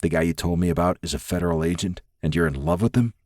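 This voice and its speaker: A man voicing a calm, protective male friend from a mob family, who asks steady, probing questions. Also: low-pitched, fairly quick, no room sound, studio quality, natural voice.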